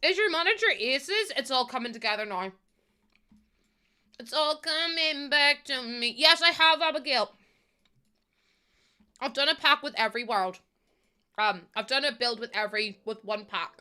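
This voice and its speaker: Bright-voiced young woman streaming. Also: on the high side, animated, moderate pace, long pauses, soft background music. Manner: chatty, laughs often, reads chat aloud. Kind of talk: casual live-stream chat while gaming. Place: room at home.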